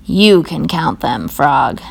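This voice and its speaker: Toad is a stubborn, sleepy storybook toad, as a woman reading aloud puts him on. His voice drops low and drags along slowly. He grumbles every line as if he wants to go back to bed. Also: big pitch swings, vocal fry, slightly rough, heavily acted. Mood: tired.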